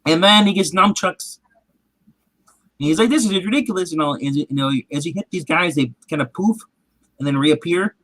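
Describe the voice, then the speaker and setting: A man hosting a casual show, retelling a TV episode in an animated, rambling way with restarts. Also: on the high side, moderate pace, long pauses, dry recording. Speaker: podcast host. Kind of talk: casual chat recapping a TV episode.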